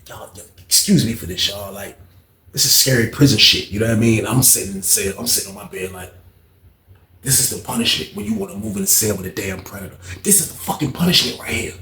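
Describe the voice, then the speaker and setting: A man's voice: lowish voice, very animated, quick pace, vocal fry, sharp tone, echoey room. A man casually telling a prison story with plenty of fillers and swearing. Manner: casual, profane, lots of fillers.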